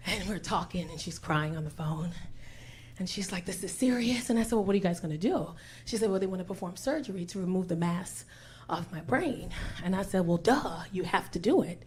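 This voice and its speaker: A middle-aged woman performing a stand-up set with brash, profane, animated storytelling. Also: on the low side. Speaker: stand-up comedian. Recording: live room with noisy crowd.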